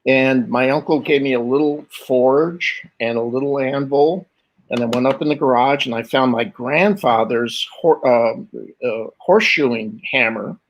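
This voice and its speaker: An older man in conversation, spinning stories from his own life with animated energy. He slips into quoted voices and laughs as he goes, with pauses and restarts. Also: mid-range voice, rough recording. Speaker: guest artist. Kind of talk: conversational interview storytelling.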